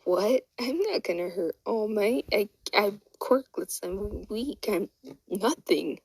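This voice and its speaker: A woman's voice: medium pitch, expressive, takes it slowly, a little mellow, husky, dry recording, exaggerated voice, rough recording. Izuku, a woman doing a scared little boy. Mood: frightened. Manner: frightened, pleading.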